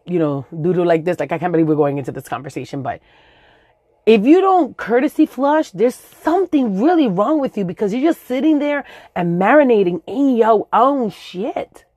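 A young woman telling a profane, animated comic story about her childhood. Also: on the low side, no room sound. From Brooklyn, New York. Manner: animated, profane, acts out voices in shrieks.

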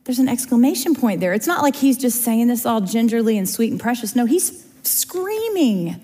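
A woman's voice: on the high side, big pitch swings, moderate pace, warm tone, slightly rough. A woman teaching a Bible study in a chatty, conversational way, often checking in with her listeners. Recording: long reverb of a large room.

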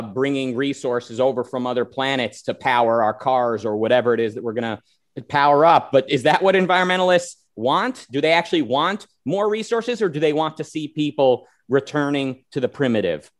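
A man hosting a casual panel talk, animated and rambling with many fillers, reading out viewer comments. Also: mid-range voice. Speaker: host.

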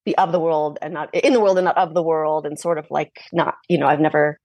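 Guest voice: slightly low, husky millennial woman, frank and reflective, dry close recording. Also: steady tone, fairly quick, darkish tone, no echo. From Los Angeles. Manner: thoughtful, frank, laughs often. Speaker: yoga teacher and podcast guest. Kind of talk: reflective conversational interview.

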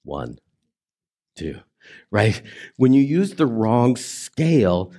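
A male pastor delivers a sermon in a warm, mellow voice. He talks with the congregation, asking them questions and inviting them to repeat after him. His delivery swings between emphatic, raised lines and quiet, hushed ones. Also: mid-range voice, big pitch swings, drawn-out words. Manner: conversational preaching with audience prompts.

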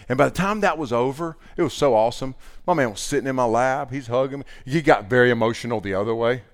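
A man's voice: mid-range voice, quick pace. A middle-aged man preaching a sermon in an earnest, conversational way, reading scripture and telling family stories. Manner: earnest, conversational preaching with many restarts and quoted asides. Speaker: pastor.

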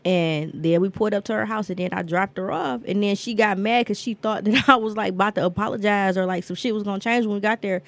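Woman on a podcast, cussing a lot, telling a story and doing everyone's voices, mid-pitched. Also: fast, hardly any pauses, no room sound. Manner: blunt, profane storytelling with lively quoted voices. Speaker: podcast co-host. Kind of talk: casual storytelling chat.

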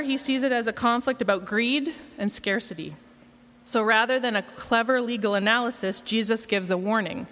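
A woman's voice: on the high side, a bit bright, long reverb tail. A woman preaching a sermon in a conversational, wry, self-deprecating way. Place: church.

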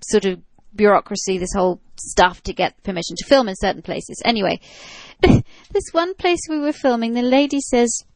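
Giddy, jet-lagged woman with a creaky voice. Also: mid-range voice, moderate pace, few pauses, a little mellow, no echo. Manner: chatty storyteller, laughs easily. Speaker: podcast co-host. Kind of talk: casual chat.

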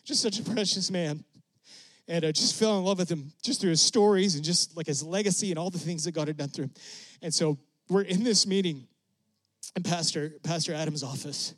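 Animated middle-aged preacher, dry sound. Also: male voice, fairly quick, dry recording. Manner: animated, voice jumps high when excited. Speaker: preacher sharing a mission testimony. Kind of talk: sermon storytelling.

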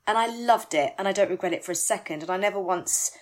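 A woman, a musical theatre actress, chatting candidly in an interview, animated and self-deprecating. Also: mid-range voice. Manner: animated, self-deprecating, rushes words when excited.

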